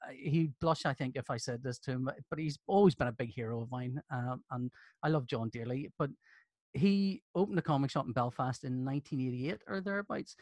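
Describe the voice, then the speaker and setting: A man's voice: mid-range voice, brisk, dry recording, studio quality. A man in his fifties with a Northern Irish accent, a podcast guest telling jokey stories in casual chat. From Northern Ireland. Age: 50s. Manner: animated, jokey storyteller who breaks into laughter. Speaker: podcast guest, comics artist.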